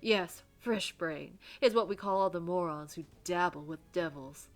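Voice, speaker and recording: Woman putting on a pompous southern reverend, sneering male villain, lowish voice, game reading. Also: moderate pace, lightly acted. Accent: put-on American Southern. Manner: sneering, shouting insults.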